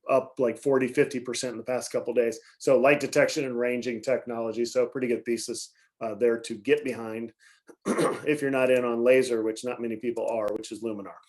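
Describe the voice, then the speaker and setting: A man hosting a live stock market briefing in casual, rambling speech full of fillers, often clearing his throat and coughing. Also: medium pitch, darkish tone. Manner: rambling, many fillers and self-corrections. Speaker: market commentary host.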